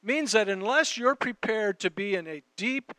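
A man's voice: high voice, lively intonation, normal speed, pushed and bright, clean tone, no room sound. A man preaching a conversational sermon, reading scripture and talking directly to his audience. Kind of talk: sermon teaching.

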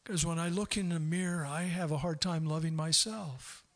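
A middle-aged man preaching a sermon in an animated way, laughing often and acting out quoted voices. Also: fairly high pitch, moderate pace. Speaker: pastor.

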